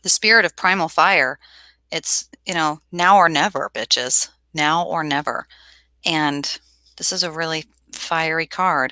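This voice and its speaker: Bright-voiced woman reading tarot live. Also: fairly low pitch, no echo. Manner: animated, reads chat aloud, laughs often. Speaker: tarot reader hosting a livestream. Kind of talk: casual livestream chat.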